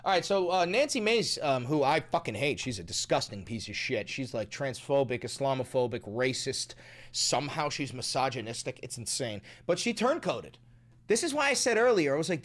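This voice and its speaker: Brief: profane, excitable male host of a commentary stream; very animated pitch. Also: moderate pace. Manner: profane, excitable, laughs often.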